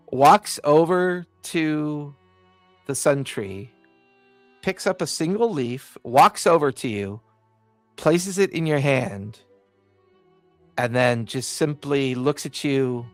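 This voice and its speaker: A man narrates a tabletop game as its game master, setting scenes in a calm and measured way. He speaks at an ordinary pitch from a dry, close mic on an online call. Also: no room sound.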